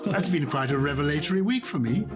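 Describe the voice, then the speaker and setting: A man's voice: fairly high pitch, fast talker, music in the background. A man co-hosting a podcast in casual chat, playfully telling jokes. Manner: playful, tells jokes, animated. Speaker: podcast co-host.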